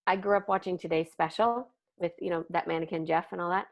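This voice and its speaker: A woman in her thirties, a comic actor and podcast guest, telling candid stories in an animated way and swearing casually. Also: lowish voice, fast, creaky. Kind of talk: casual interview chat.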